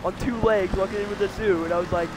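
A young man telling a weird dream in casual podcast chat, excitable and full of "like". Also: high-pitched, fast, background noise. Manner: excitable, lots of "like", laughing while telling. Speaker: podcast co-host.

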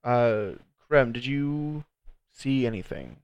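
A man speaks slowly and earnestly as a player in a tabletop game. His voice is gravelly and swings widely in pitch, and the sound is dry. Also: expressive, dry recording, lo-fi sound. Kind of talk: casual tabletop game chat.

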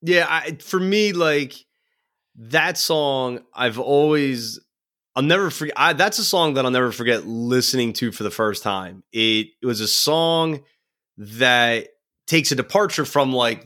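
A man guesting on a music podcast, talking in an animated, rambling way full of "like" and bursts of laughter. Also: medium pitch, normal speed. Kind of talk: casual music podcast chat.

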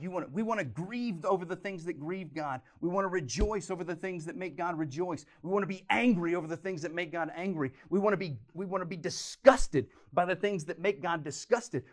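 Man preaching with big swings in volume. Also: fairly high pitch. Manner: animated, swings from loud emphasis to quiet intensity. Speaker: pastor. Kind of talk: sermon teaching series.

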